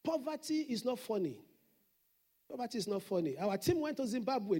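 A man's voice: very high voice, sing-song, normal speed, warm tone. A man preaching a Sunday sermon as senior pastor, emphatic and repeating his declarations.

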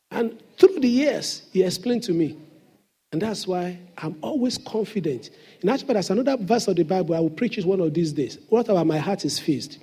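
A man's voice: sits high, animated, fairly quick, warm tone, slightly rough. A man preaching a sermon as pastor in a church, with emphatic call-and-response questions to the congregation.

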